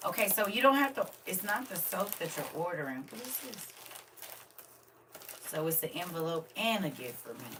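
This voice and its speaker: A woman's voice: on the low side, big pitch swings, moderate pace, distant mic, background noise. An older woman, chatting casually to viewers on a live stream and talking straight to them. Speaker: vlogger.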